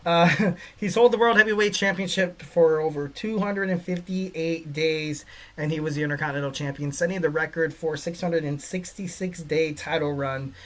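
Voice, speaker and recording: A man hosts a wrestling podcast in a loose, rambling style. He leans on fillers and laid-back slang, and his voice sits a little high for a man. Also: expressive, moderate pace. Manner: rambling, heavy on fillers like "you know". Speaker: podcast host. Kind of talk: casual wrestling podcast talk.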